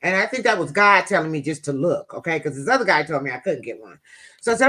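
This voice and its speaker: A woman's voice: sits low, animated, fairly quick, sharp tone. A woman vlogger casually telling viewers a personal story in a chatty, folksy way.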